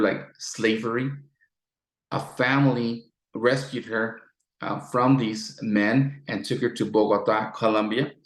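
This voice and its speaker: Guy with a lowish voice doing a motivational story talk, keeps asking "guess what", echoey room. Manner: rhetorical questions, hesitant restarts. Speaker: motivational speaker.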